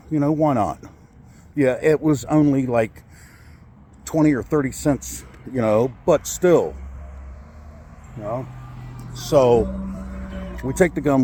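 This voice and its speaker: A vlogger in his forties, sitting in a car, tells a personal story in a mellow, mid-range voice with a little hiss or hum. He's angry and upset, his voice shaky with anger, swearing and rambling with lots of fillers.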